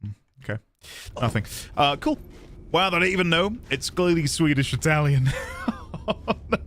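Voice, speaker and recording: A man streaming a video game live, chatting casually with his viewers, animated and quick to laugh at himself. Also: fairly high pitch. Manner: animated, laughs often, self-deprecating asides to chat. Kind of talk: casual live gaming commentary.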